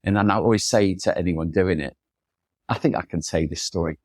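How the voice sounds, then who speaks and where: A man's voice: low voice, brisk, a little mellow, no echo, clean studio sound. A middle-aged man telling enthusiastic, chatty stories as a podcast guest, slipping into acted quotes. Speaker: photographer guest. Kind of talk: storytelling conversation.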